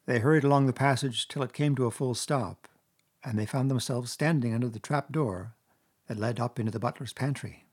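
A man narrating a classic children's story in a measured, expressive audiobook reading. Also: medium pitch, husky.

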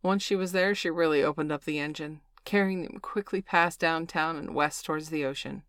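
A woman reads a novel aloud in a steady, measured manner. Her voice sits low, and the sound is dry and close with no room around it. The tone is plain audiobook narration. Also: clear, resonant tone, dry recording.

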